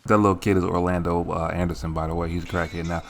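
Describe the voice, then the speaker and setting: A man's voice: deep voice, little pitch movement, fast, vocal fry, a little hiss or hum. A man casually recapping an old sitcom episode, rambling and profane with lots of asides. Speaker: show recap host.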